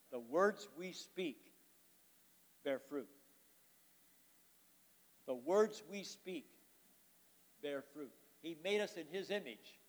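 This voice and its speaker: A man preaching a sermon, reading scripture aloud and questioning the congregation, his volume swinging from emphatic to quiet. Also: high-pitched, lively intonation, unhurried, long pauses. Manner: reads scripture aloud, then explains it with rhetorical questions to the congregation; swings between loud emphatic lines and soft, quiet asides. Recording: long hall reverb.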